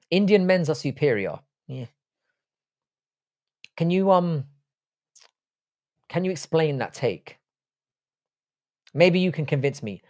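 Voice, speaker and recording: A man's voice: medium pitch, a little mellow, no room sound, clean studio sound. A man hosting a livestream in a casual, offhand and profane way, reading chat messages aloud and replying to them. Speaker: livestream host.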